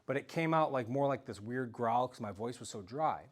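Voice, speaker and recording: A man telling a story in an animated, self-mocking way during a talk to a live audience. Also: mid-range voice, normal speed. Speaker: speaker giving a self-defense talk.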